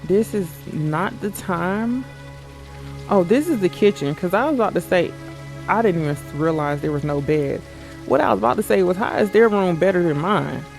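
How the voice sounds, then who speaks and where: A man's voice: sits high, animated, normal speed, gravelly. A man giving casual, joking commentary as he plays a game. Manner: joking, chatty asides. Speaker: gaming channel host. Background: game music.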